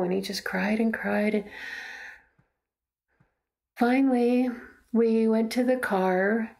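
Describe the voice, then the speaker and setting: Creaky-voiced mother, earnest and halting. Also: on the high side, a little mellow. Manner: earnest, halting, reflective storytelling. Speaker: mother telling her story. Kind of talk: documentary interview testimony. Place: in her own home.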